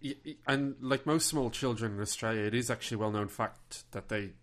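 A man's voice: mid-range voice, a little fast, fairly bright tone. Man with dry teasing humor. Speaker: podcast co-host. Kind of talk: casual commentary chat.

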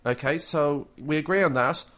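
A man's voice: fairly high pitch, normal speed, fairly bright tone. Joking, stammering Australian man. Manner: jokey, stammering restarts. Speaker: podcast co-host. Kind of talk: casual chat.

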